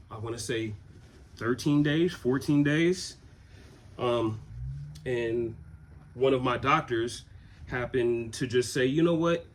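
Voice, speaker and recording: A man in his twenties from Southern California, telling a personal story in a relaxed, rambling way with many fillers. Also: lowish voice, slight background noise. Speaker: vlogger. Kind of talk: casual storytelling.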